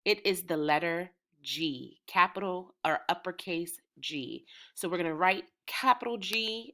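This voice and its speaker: A woman teaching preschoolers in a slow, sing-song way, chanting patterns and cheering them on. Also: fairly low pitch, fairly bright tone. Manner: encouraging, drawn-out, rhythmic chanting. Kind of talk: slow, sing-song lesson for small children.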